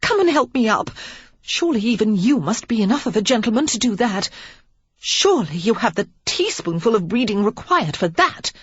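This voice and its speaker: A woman's voice: on the high side, sing-song, normal speed, slightly rough, no room sound, muffled recording, voice pushed up. A woman voicing a spirited, reckless young English lady who retorts sharply and indignantly.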